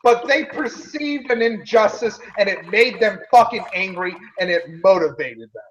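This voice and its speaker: High-voiced angry man ranting. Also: moderate pace, fairly bright tone, muffled recording, a little hiss or hum. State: talking with candy in his mouth. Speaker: guest. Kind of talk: casual livestream chat.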